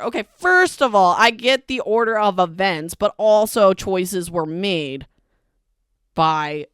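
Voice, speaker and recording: A woman's voice: mid-range voice, expressive, takes it slowly, fairly bright tone, clean tone, dry recording, studio quality. Chatty woman recapping a book. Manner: chatty and emphatic, heavy use of "like". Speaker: podcast host. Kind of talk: casual book recap podcast.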